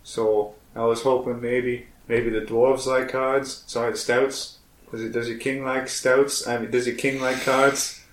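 A man's voice: mid-range voice, little pitch movement, unhurried, far from the mic. A man plays in character at a tabletop game, hesitant and rambling. He sits back from the mic, and the room adds a noticeable echo. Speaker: player. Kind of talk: in-character tabletop role-play.

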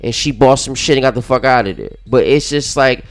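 A man in loose, casual conversation, swearing freely as he tells a story. He is animated and slips into other people's voices to act out their lines. His pitch sits at an ordinary middle height. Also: brisk, creaky, faint music behind. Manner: profane, animated storytelling with acted-out quotes. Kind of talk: casual chat.

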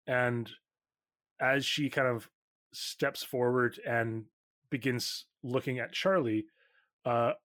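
Male game master, unhurried, lots of "uh" and "um", dead-dry mic. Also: mid-range voice, no room sound. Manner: relaxed, halting narration with many fillers. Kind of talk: narrating a tabletop game.

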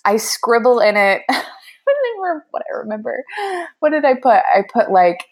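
A woman's voice: on the high side, normal speed. A woman baker, a podcast guest, telling a story casually with lots of laughter and fillers. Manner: animated, laughing, many fillers like "like" and "um". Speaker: baker and cookbook author guest.

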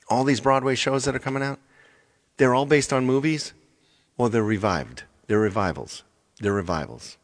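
Low-voiced chatty man, lively pitch. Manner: rambling, repeats phrases, chatty. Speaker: singer live-streaming to viewers. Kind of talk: casual chat with viewers.

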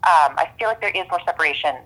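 A woman's voice: on the low side, animated, quick pace, a bit bright, poor audio. A woman comedy performer chatting in an interview, jumping in with many ums. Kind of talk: casual interview chat.

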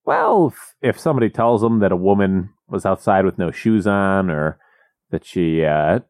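A man co-hosting a casual comedy podcast, telling stories in a wry, animated way. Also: deep voice, moderate pace, no room sound, clean studio sound. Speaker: podcast co-host.

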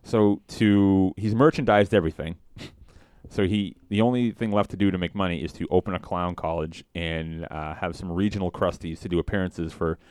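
A man with a very low, smooth, resonant voice chats casually and acts out scenes as he retells them. The sound is dry and close to the mic. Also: moderate pace, no echo. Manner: animated storyteller, acts out scenes. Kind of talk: casual chat.

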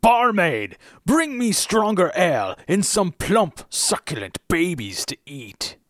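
A boastful, hulking troll, put on by a woman on a podcast rumbles out grand old-fashioned threats at a slow, heavy pace. The voice sits low and swings widely between words. It is recorded dry and close. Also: very animated, no echo. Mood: demanding. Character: boastful hulking male troll, pompous and greedy.

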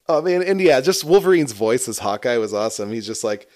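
A man chatting casually on a podcast, laughing often and cursing freely. His voice sits at an ordinary middle pitch. He sounds loose and unguarded. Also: animated, moderate pace, darkish tone. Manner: laughs a lot, swears freely. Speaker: podcast co-host. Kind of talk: casual chat.

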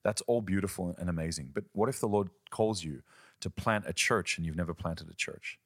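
As a podcast guest, a ministry leader teaches earnestly through conversation, telling stories and slipping into quoted voices. His deep voice is brisk and a bit bright, captured in a dry, studio-quality recording.

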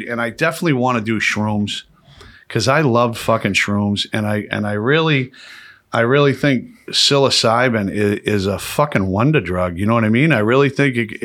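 A man, hosting a podcast and telling profane, animated stories with laughs. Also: medium pitch, moderate pace. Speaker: podcast host. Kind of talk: casual storytelling chat.

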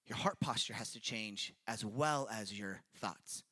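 A man's voice: fairly low pitch, unhurried, pushed and bright, husky. A man giving a casual, conversational sermon, reading scripture aloud and explaining it in an earnest, chatty way that keeps checking in with his listeners. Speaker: preacher.

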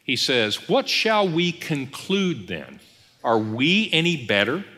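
Animated man preaching in a reverberant hall. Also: medium pitch, slow pace. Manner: animated, acts out imagined voices and dialogues. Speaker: executive pastor. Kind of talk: sermon teaching. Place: church sanctuary.

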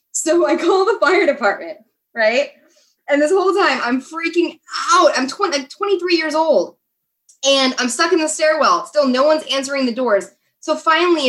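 A woman, a guest in a conversation, tells a story in a lively, chatty manner with many fillers. Her voice sits a little higher than most. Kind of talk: casual storytelling.

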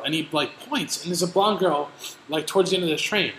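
A man hosting a casual podcast, telling stories in animated, profane rants with an exasperated edge. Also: on the high side, a little fast. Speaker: podcast host. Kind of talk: casual chat, storytelling. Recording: echoey room with faint noise.

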